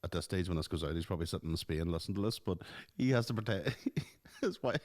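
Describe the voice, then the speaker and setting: A man's voice: low voice, animated, a little mellow. A man, bantering and chiming in as a podcast co-host in casual chat. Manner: quick interjections and banter.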